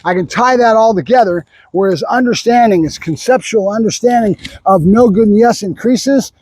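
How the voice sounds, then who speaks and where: A man working as a dog trainer, explaining his methods while he trains, chatty and full of quick repeated marker words like "good" and "nope". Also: high voice, a little mellow, husky. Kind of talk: instructional training narration.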